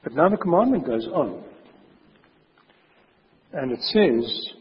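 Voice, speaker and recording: Long hall reverb fills this dull recording of a sermon. The preacher's very husky voice is medium-pitched and sing-song, and he speaks emphatically, slowing down to drive home his warnings.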